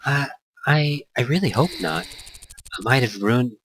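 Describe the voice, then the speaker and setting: A man plays an anxious young schoolgirl from a visual novel, in a raised voice. She sounds nervous and apologetic. The tone is bright and the pitch lively. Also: slow pace, low-quality recording. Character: anxious young female student narrator.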